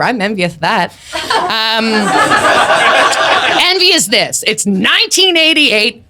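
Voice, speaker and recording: A woman performing a stand-up comedy set on stage before a small audience, playful and rambling, breaking into loud put-on voices. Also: on the high side, big pitch swings, measured pace, a little hiss or hum.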